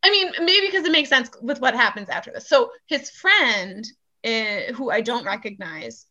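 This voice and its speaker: A young woman tells bar stories in a casual chat, her voice bright and fairly high. She talks in an animated way and swears freely. The recording sounds a little dull. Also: moderate pace. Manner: animated, swearing, acts out quoted voices loudly. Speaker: bartender.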